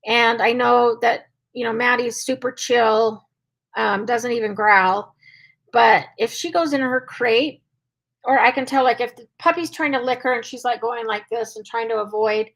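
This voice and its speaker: A woman's voice: a little high, moderate pace, fairly bright tone, low-quality recording. A woman dog trainer hosting a casual live Q&A and answering viewer questions in a chatty way, with lots of "um" and "like". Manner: chatty, with frequent "um" and "like".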